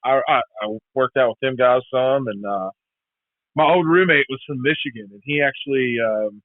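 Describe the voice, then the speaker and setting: A man's voice: mid-range voice, dry recording. A man talking as a podcast guest in casual chat, laid-back, repeating words and saying man and bro a lot. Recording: tinny phone-like line.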